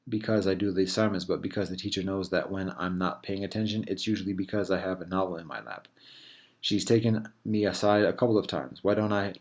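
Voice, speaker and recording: A man reads his own first-person literary story aloud. He reads in a measured, reflective way with soft pauses. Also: low-pitched. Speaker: author reading his story.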